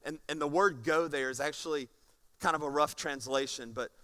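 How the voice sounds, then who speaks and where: A man preaching a sermon as pastor, animated and often repeating words. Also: on the high side, moderate pace.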